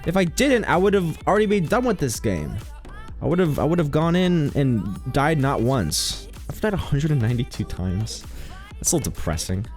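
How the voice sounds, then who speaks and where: A man's voice: on the high side, sing-song, moderate pace, darkish tone, faint music behind. A man streaming a game, chatting casually in a rambling, joking, self-mocking way. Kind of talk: casual live-stream commentary.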